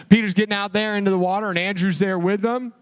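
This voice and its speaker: A man with a high voice delivers a sermon as a pastor. He tells the story in an animated way and keeps asking his listeners rhetorical questions. His voice carries a long reverb, as from a large hall. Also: fast, clean tone.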